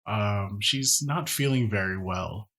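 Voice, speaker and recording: A man's voice: on the low side, slow, fairly bright tone, exaggerated voice. Casting: a man playing a jittery, shifty young manservant who stammers through every answer, tabletop game. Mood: nervous. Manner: hesitant, stammering. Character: nervous sly young male servant.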